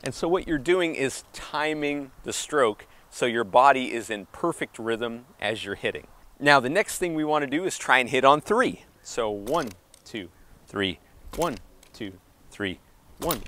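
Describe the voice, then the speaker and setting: A man's voice: a little high, lively intonation, normal speed, bright, forceful tone. Man coaching tennis on an outdoor court. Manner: counts beats aloud while hitting, upbeat and encouraging. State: slightly out of breath. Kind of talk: instructional on-court demonstration.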